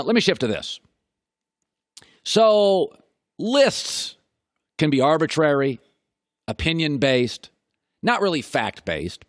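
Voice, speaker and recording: A man's voice: medium pitch, no room sound, studio quality. A middle-aged man hosting a sports talk show, delivering an opinionated monologue full of rhetorical questions and repeated points for emphasis.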